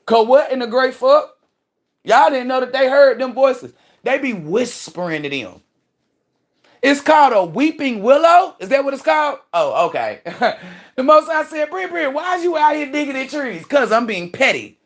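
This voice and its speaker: A woman's voice: high-pitched, sing-song, normal speed. A woman hosting a livestream, ranting casually in a profane, emphatic and preachy way. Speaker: livestream host and spiritual commentator.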